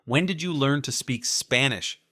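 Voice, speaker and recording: A wary, practical young man, voiced by a male audiobook narrator, brisk and plain-spoken. Low voice with a bright, forceful edge. Dry and close. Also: no echo. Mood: alarmed.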